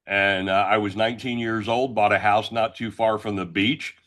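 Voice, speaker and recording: A middle-aged man from the Northeastern United States, a guest entrepreneur telling his story in a loud, brash, blunt way. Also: fairly low pitch, steady tone, moderate pace. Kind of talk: casual talk show storytelling.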